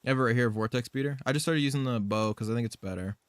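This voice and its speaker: A man's voice: medium pitch, fast, clean tone, no echo. A man live streaming a game, chatting casually in a loose, rambling way, swearing and laughing often.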